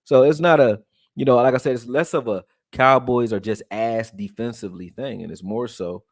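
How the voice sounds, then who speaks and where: A man from Texas, raised in Philadelphia, breaking down football film and reading chat on a live stream in a loose, profane, animated way. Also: mid-range voice, normal speed, dry recording, studio quality. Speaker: sports commentary streamer.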